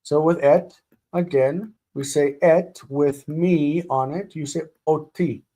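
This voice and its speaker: A man teaching a live-streamed grammar lesson, speaking deliberately and repeating words for students to drill. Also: on the high side, fairly even intonation, warm tone. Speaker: Hebrew teacher.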